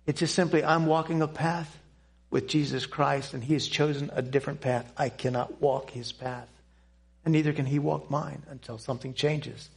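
Gravelly older man, earnest testimony. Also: fairly high pitch, fairly even intonation. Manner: earnest, halting, with frequent pauses and restarts. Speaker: Christian speaker giving a testimony. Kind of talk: personal testimony storytelling.

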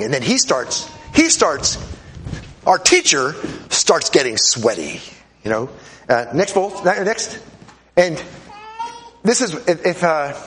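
Male lecturer, high and animated, swinging pitch, urgent classroom demonstrator; faint room ambience. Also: slight background noise. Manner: animated, urging, repetitive, acts out voices. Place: lecture hall with audience.

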